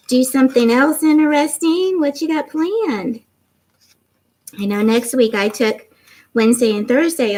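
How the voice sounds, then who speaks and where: A woman's voice: on the high side, low-quality recording. A middle-aged woman hosting a craft livestream, chatting casually and reading out viewers' comments. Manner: chatty, warm, reads viewer comments aloud.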